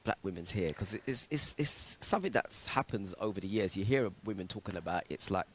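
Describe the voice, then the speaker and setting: Deep-voiced English man, radio co-host, easygoing conversational delivery. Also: fairly quick, a little hiss or hum. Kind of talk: casual radio chat. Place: radio studio.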